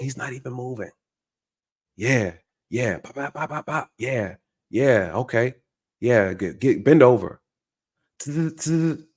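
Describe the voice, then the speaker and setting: A man hosting a reaction video, talking emphatically to his viewers and repeating his points for stress. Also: mid-range voice. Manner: emphatic, repeats phrases, addresses viewers directly. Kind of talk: reaction commentary.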